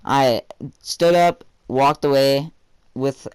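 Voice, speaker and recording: A man's voice: medium pitch, slow, a little mellow, clean tone, dry recording. A teenage boy telling a rambling personal story for a vlog, full of fillers and casual swearing.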